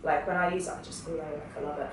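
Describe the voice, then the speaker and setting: A woman's voice: sits low, steady tone, very fast. A young woman from England, a guest musician, chatting casually and rambling with lots of fillers. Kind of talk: casual podcast chat. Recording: echoey room, distant mic, faint noise.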